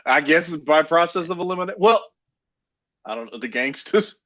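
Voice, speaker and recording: A man's voice: a little high, lively intonation, a little fast, a bit bright, muffled recording. A man co-hosting a wrestling podcast, laid-back and laughing easily as he explains. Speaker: podcast co-host. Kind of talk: casual chat.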